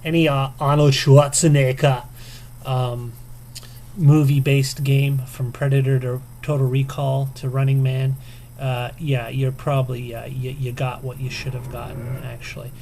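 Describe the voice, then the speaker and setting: A man's voice: mid-range voice, flat delivery, unhurried, creaky, warm tone. Chatty man rambling with ums. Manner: chatty and self-deprecating, lots of ums and chuckles. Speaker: video game vlogger. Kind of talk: casual to-camera tag response.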